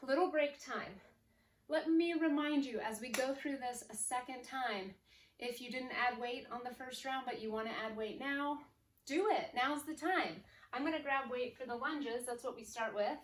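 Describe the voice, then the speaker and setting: Breathy woman coaching a workout. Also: high-pitched, normal speed. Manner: upbeat, counts down reps, cues form. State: slightly out of breath. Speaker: fitness instructor. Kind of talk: workout coaching while exercising. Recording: echoey room, distant mic, faint noise.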